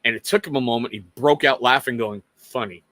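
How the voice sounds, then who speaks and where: This is a middle-aged man hosting his own casual talk stream. His voice sits at a plain middle pitch, and he speaks earnestly in a rambling, conversational way. He drops in self-deprecating jokes as he goes. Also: quick pace, pushed and bright, no echo. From Washington State. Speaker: livestream host. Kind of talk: casual personal talk to viewers.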